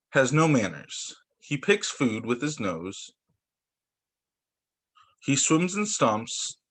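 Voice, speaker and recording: Animated man reading stories aloud. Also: mid-range voice. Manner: animated, expressive. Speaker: teacher. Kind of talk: reading picture books aloud to children. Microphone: video call.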